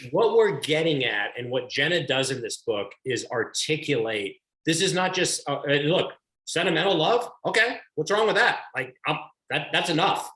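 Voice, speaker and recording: A man hosting an author series talk over a video call speaks in a high-leaning, fairly bright voice with lively intonation at a moderate pace. His interview questions ramble and restart often, and the recording has a roomy echo.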